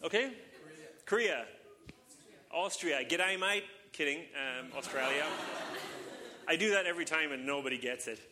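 A man's voice: fairly high pitch, animated, moderate pace, pauses often, long reverb tail, background noise. A man in his thirties with a British accent, a visiting church speaker chatting and joking casually with the congregation. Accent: British English. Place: church service in front of a congregation.

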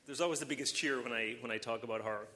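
A man's voice: mid-range voice, fast talker, big-room sound, heavy background noise. A man in his thirties with a British accent, a visiting church speaker chatting and joking casually with the congregation. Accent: British English. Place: church service in front of a congregation.

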